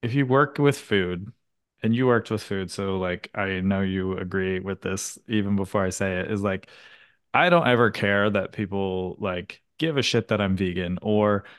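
Man, podcast host, low voice, casual chat, animated storytelling, swears casually. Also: moderate pace.

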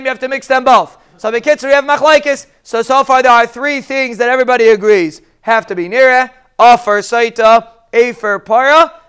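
A man's voice: very high-pitched, fairly bright tone, clear, resonant tone. A man teaching a Talmud lesson, explaining each Hebrew phrase in plain English.

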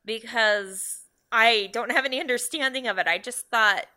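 A woman's voice: fairly high pitch, normal speed, sharp tone. A young adult woman co-hosting a podcast, talking in an earnest, reflective way that often trails off. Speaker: podcast co-host. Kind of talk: casual podcast chat.

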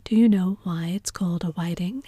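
A woman voicing an impatient, bossy male griffin in a brisk whispered role-play. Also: lowish voice, mellow, no echo, clean studio sound, natural voice.

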